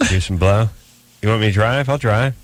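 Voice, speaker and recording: A man's voice: fairly low pitch, normal speed, no echo. A middle-aged man hosting a late-night call-in radio show, riffing loosely and joking with a co-host and callers. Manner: loose, joking, rambling riffs and bits.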